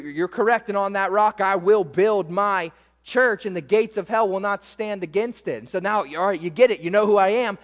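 A man preaching a sermon as pastor, swinging between loud emphasis and quiet, low asides. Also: big-room sound.

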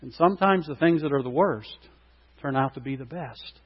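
A man pastor preaching a sermon, impassioned and swelling loud at key points. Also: medium pitch, moderate pace, breathy edge. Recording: long hall reverb, dull lo-fi sound.

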